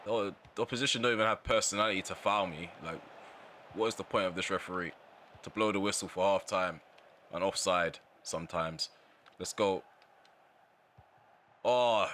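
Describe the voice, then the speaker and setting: A man's voice: on the low side, pushed and bright, slight background noise. A man giving live commentary over his own football video game match, often exasperated and ranting about how it is going. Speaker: gaming channel host.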